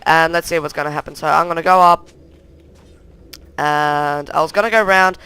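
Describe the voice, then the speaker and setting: A man's voice: on the high side, fairly even intonation, moderate pace, sharp tone, clean tone. A young man casually talking through a replay of his own match, rambling play-by-play that keeps circling back with "anyway". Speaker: gameplay commentator.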